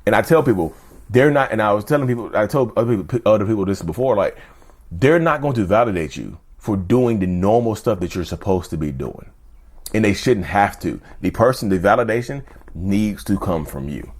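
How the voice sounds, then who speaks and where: A man hosting his channel, talking earnestly to camera in casual chat, often repeating himself and jumping up in pitch for emphasis. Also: expressive, brisk. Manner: earnest, repetitive, keeps asking "you see what I'm saying"; jumps sharply up in pitch for emphasis. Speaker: YouTube channel host.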